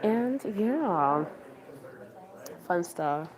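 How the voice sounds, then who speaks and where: A woman's voice: lowish voice, very animated, very slow. A woman livestreaming on her phone from a campaign office, chatting casually and rambling with lots of fillers. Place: busy campaign office indoors. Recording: crowd chatter behind.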